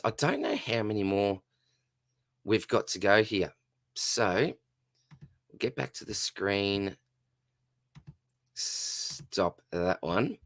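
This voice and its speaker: A man hosting a channel giveaway draw, calling an online race in lively commentary while losing his voice. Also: lowish voice, no room sound, studio quality. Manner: excitable race-caller, rising and fast at the finish.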